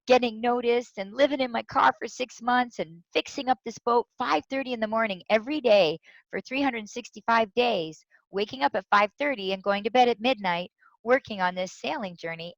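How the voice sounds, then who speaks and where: A woman speaker, a guest in an interview, telling a personal story with lively quoted voices. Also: fairly high pitch, normal speed, no echo. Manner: animated, tells stories with quoted voices. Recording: dull lo-fi sound.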